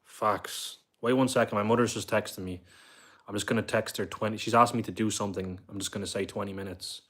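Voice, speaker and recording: A man's voice: lowish voice, fairly even intonation, fairly quick, a bit bright. A young man with a Dublin accent, rambling casually through a live stream and talking back to his viewers. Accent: Dublin Irish. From Ireland. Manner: rambling, talkative, reads viewer comments aloud.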